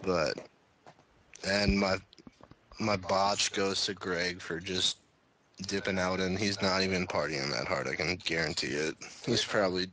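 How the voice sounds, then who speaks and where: A man's voice: deep voice, steady tone, unhurried, pushed and bright, rough recording. A man in a casual podcast chat, blunt and teasing. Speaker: podcast co-host.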